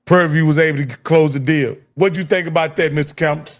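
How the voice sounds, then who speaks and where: Teasing, higher-voiced male host. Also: steady tone, quick pace. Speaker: show host. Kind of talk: casual sports talk.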